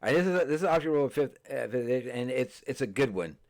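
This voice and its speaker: Man, podcast host, casual rules chat, halting, lots of fillers and restarts. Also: mid-range voice, expressive. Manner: halting, many fillers and restarts, stumbles over words. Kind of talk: casual tabletop game rules chat, reading rules aloud. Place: streamed podcast setup.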